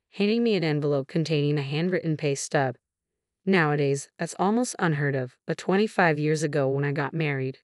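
A woman narrating a first-person story in a steady, even reading. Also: low voice, no room sound, studio quality.

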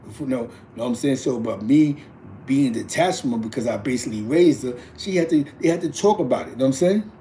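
A man's voice: medium pitch, expressive, fast, warm tone, a little hiss or hum. A man in his forties telling a personal story as a father, with street slang and asides. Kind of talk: casual storytelling to camera.

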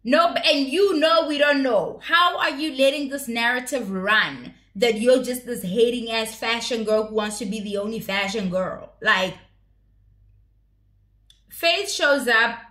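A woman's voice: fairly high pitch, unhurried, bright, forceful tone, roomy sound. A woman giving casual recap commentary on a reality show, blunt, profane and opinionated.

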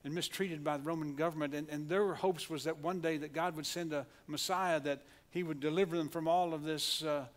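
With hardly any pauses, this pastor talks fairly quickly in a slightly high, steady voice. Preaching earnestly in a church sanctuary with an Oklahoma accent, he often restarts and repeats words while leading the congregation in call-and-response.

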